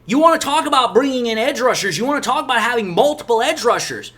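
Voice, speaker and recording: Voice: mid-range voice, expressive, quick pace, a bit bright. A sports channel host giving emphatic, exasperated opinion commentary on football. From Detroit area, USA.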